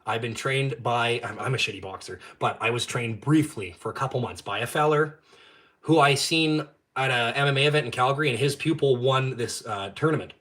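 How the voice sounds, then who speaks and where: Man, bright forceful voice, profane live-stream rant, loud bursts then quiet mutters. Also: a little fast. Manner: blunt and heavily profane, swinging between loud outbursts and low muttered asides. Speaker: YouTube channel host.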